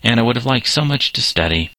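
A man reading aloud, voicing a modest young farmer who speaks gently and earnestly. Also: medium pitch, animated, fast talker, no echo, pitched above the performer's own voice. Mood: kindly.

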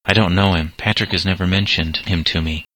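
A man's voice: low-pitched, fairly even intonation, brisk, pushed and bright. A man reading the lines of an anxious middle-aged mother, in a plain read-aloud voice.

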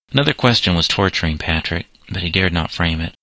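A man narrating a novel as an audiobook, measured and steady. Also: low voice, no room sound, low-quality recording. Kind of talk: scripted narration.

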